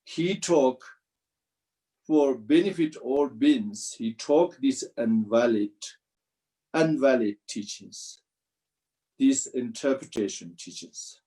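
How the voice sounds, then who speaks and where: Brief: male Buddhist teacher, unhurried, halting restarts, video-call audio. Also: medium pitch, dark tone, low-quality recording. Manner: slow, halting non-native English with restarts. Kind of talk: dharma teaching commentary.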